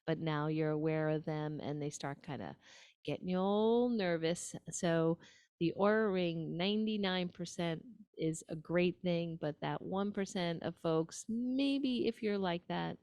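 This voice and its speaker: Woman, New York accent, nutrition show host, lowish voice, dry close sound, chatty with ums. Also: a little slow, a little mellow, clear, resonant tone, no echo. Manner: chatty, frequent ums, asides to the audience. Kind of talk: casual talk-show advice.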